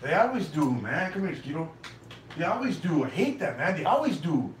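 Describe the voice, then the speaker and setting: A man's voice: a little high, big pitch swings, brisk, a little hiss or hum. A young man in heated casual talk, baffled, repeating himself and often saying "man". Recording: echoey room, far from mic, faint ambience.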